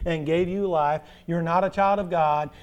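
A man preaching a sermon as pastor, stressing points with rhetorical questions and swinging from loud emphasis to drawn-out soft endings. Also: fairly high pitch, steady tone, clean tone.

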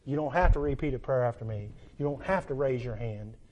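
A man preaching a sermon, quoting scripture in old-fashioned wording, swinging from loud emphatic peaks to low, quiet stretches. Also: a little fast, highs cut off, slight background noise.

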